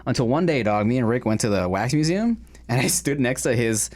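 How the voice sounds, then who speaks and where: A man's voice: mid-range voice, animated, fairly quick, darkish tone. A man in his thirties co-hosting a casual food podcast, laid-back and slangy, swearing freely. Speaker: podcast co-host. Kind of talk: casual chat.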